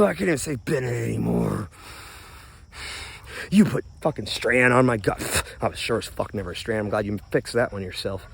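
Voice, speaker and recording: Gravelly angry man ranting outdoors. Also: mid-range voice, moderate pace. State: stoned. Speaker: vlogger. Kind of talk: rambling outdoor phone vlog. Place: outdoors in his yard. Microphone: phone camera.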